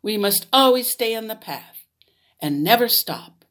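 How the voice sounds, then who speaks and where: A woman's voice: fairly high pitch, expressive, unhurried, fairly bright tone, pitched above the performer's own voice. Little Red, a woman doing a childlike voice. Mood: innocent. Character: innocent little girl, Little Red.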